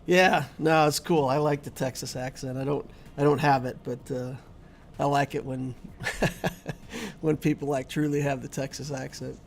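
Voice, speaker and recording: A man's voice: medium pitch, fairly even intonation, moderate pace, creaky, slight background noise. A middle-aged man hosting a gaming channel, chatting casually and easily with his viewers while he streams. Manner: chatty and easygoing, talking to viewers. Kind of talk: casual live-stream commentary.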